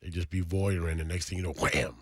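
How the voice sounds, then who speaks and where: A man hosting a morning radio show from a studio, with energetic, hype announcer delivery. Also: deep voice, quick pace, breathy edge, dry recording. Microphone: studio microphone.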